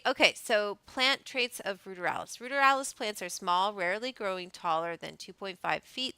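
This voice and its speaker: A woman host with a bright, gravelly voice that stays smooth and clear. She reads her notes aloud, then drifts into loose, chatty asides. The sound is close and dry. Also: lowish voice, dry recording, poor audio. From Canada. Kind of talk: casual reading and chat.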